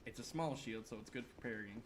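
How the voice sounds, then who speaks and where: Excitable young man streaming games. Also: mid-range voice, a little fast, background noise. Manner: excitable, swearing, rambling. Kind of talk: live gaming stream chat.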